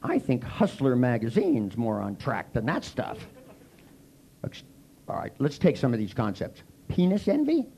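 An older man with a gravelly voice, giving a comic storytelling lecture to a seminar audience and wryly acting out both sides of his dialogues. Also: medium pitch, big pitch swings, a little slow, dark tone, a little hiss or hum. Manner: wry, mocking, acts out both sides of dialogues. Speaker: seminar speaker.

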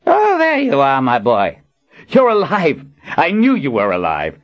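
A man voicing a frail, excitable old male wizard with a thin, squeaky voice. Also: measured pace, muffled recording, soft background music, full character voice. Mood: fussy excited.

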